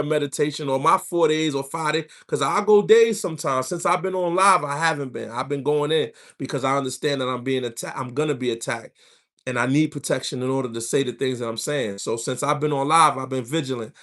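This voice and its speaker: Animated man giving spiritual advice. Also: fairly high pitch. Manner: animated storytelling with slang and asides to viewers. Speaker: livestream host. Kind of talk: casual spiritual advice talk.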